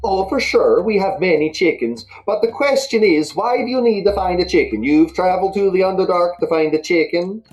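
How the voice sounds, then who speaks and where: A woman playing a polite deep gnome host, put-on Nordic accent, formal and curious, animated delivery, a faint bit of music underneath. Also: fairly quick, hardly any pauses, natural voice, low-quality recording. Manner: formal, questioning.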